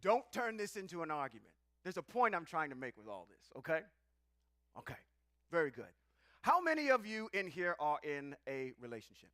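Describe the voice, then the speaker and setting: A man leading a live-streamed scripture teaching in a playful, animated way, calling out to the people in the room. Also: on the high side, a little fast, no room sound, clean studio sound. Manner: animated, playful, calls out to the audience.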